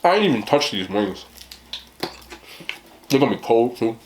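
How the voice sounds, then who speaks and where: A man hosting a mukbang, chatting casually while eating, talking in an animated way with loud bursts. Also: medium pitch, moderate pace, slight background noise. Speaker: mukbang host.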